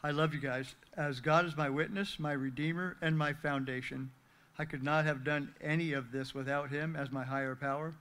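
A man's voice: on the high side, fairly even intonation, moderate pace, a bit bright. A man reading his prepared recovery testimony aloud, earnest and heartfelt, thanking those who helped him. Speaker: speaker sharing recovery testimony.

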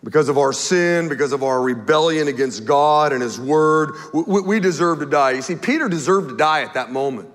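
A male pastor preaching a sermon in an animated, folksy way, with stammered restarts. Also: fairly high pitch, brisk, hardly any pauses. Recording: long hall reverb.

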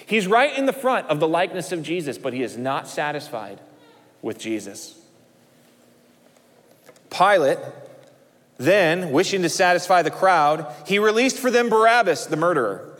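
A male pastor preaching a sermon, swinging his emphasis up and dropping low at the ends of phrases. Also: sing-song, normal speed, long pauses, fairly bright tone, in a large hall.

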